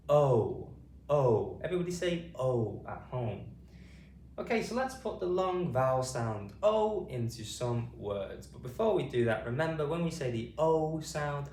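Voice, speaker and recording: A British man teaching phonics to adult learners, sounding out words slowly and clearly to the camera. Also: far from the mic, a little hiss or hum. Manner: slow, drawn-out sounding-out of words with lively pitch. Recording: roomy echo, voice off-mic, faint ambience.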